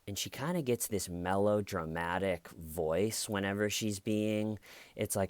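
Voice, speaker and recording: Casting: low-voiced man, unhurried wry commentary, dry close mic. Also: dry recording. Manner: slow, wry, acts out quotes in mocking voices. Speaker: commentary vlogger. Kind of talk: casual commentary monologue.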